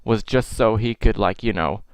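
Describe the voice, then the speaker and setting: Young guy, smooth and clear, dry close sound; casual reaction commentary, cussing and laughing at himself. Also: on the low side, normal speed, dry recording, poor audio. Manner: self-mocking, swears freely, exasperated outbursts. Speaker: YouTuber reacting to his old videos.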